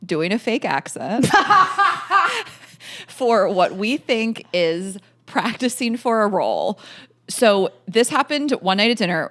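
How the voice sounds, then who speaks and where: A woman co-hosting a podcast in a casual chat, an animated storyteller who laughs often. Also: lowish voice. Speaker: podcast co-host.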